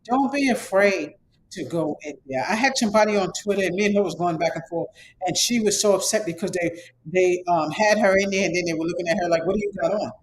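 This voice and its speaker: High-voiced man giving a rambling pep talk. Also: quick pace, a little hiss or hum, rough recording. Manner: casual, conversational. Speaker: online course instructor. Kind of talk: motivational talk to students.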